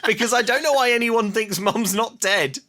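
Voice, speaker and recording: A man's voice: high voice, normal speed, bright, forceful tone. A man co-hosting a podcast, retelling a film's plot eagerly in casual talk and laughing often. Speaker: podcast co-host. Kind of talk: casual comedic film chat.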